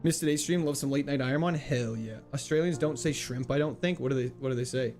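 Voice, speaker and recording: A man's voice: medium pitch, darkish tone, faint music behind. A young man streaming a game, casually reading and answering chat in a playful, joking way. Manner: playful, chatty, quick laughs, jokey mock French.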